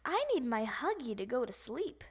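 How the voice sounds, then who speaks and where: A woman voicing an eager, forgetful little boy frog in a read-aloud storybook, squeaky and bouncy. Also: very animated, moderate pace, slightly rough. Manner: squeaky, bouncy, shouting with glee.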